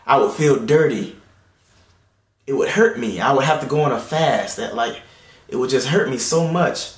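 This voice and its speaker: A man in his late twenties giving an earnest personal faith testimony at home. He moves between hushed, tearful passages and loud, excited ones. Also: mid-range voice, moderate pace, reverberant. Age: late 20s. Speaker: Christian video host. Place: indoor room at home.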